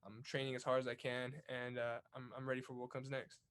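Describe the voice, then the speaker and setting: A man's voice: mid-range voice, monotone, a little fast, fairly bright tone, smooth. A young man from California's Central Valley, a guest telling stories in a casual interview, upbeat with many restarts. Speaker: guest, Olympic boxer.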